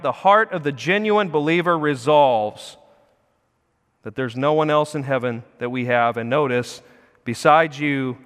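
A man preaching a sermon, earnest, swelling louder and slower on key phrases. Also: on the high side, in a large hall. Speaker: pastor. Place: church sanctuary.

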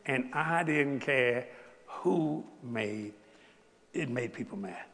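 An older man from South Louisiana with a Cajun accent, preaching a folksy storytelling sermon, animated and laughing as he tells stories. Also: medium pitch, takes it slowly, in a large hall. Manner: animated, laughing, Southern drawl, rising to exclamations.

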